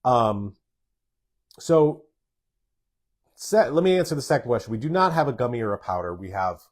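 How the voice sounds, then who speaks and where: His pitch is medium, his intonation lively, and his pace moderate. He's a male doctor running a live Q&A, voicing viewer comments and responding to them directly and plainly.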